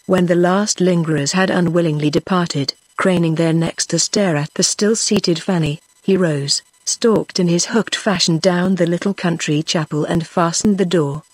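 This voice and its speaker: A woman with a British English accent, narrating an audiobook in an even, measured reading voice. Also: fairly low pitch, slightly rough, no echo.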